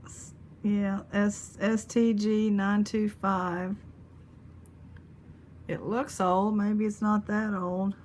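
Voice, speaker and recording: A woman's voice: mid-range voice, level tone, very slow, pauses often, a little mellow, slight background noise. A woman chatting casually to viewers as she sorts through a box of old jewelry and talks to her pet. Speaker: jewelry reseller host. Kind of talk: casual unboxing chat.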